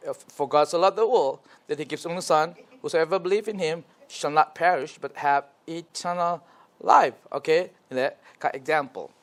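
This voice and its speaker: Mizo-accented pastor leading a workshop. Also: male voice, on the high side, a bit bright. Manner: asks questions, prompts group to repeat and clap. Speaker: pastor leading a teacher training. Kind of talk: interactive workshop teaching. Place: church classroom.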